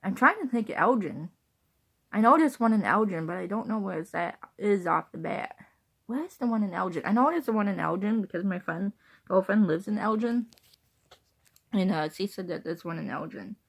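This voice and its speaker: A woman's voice: medium pitch, lively intonation, normal speed, vocal fry, breathy edge. A woman vlogger chatting casually to her audience. She rambles and loops back over the same points, laughing now and then. Her voice sits in a middle register. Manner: rambling, repeats herself, laughs between thoughts. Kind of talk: casual rambling chat to viewers.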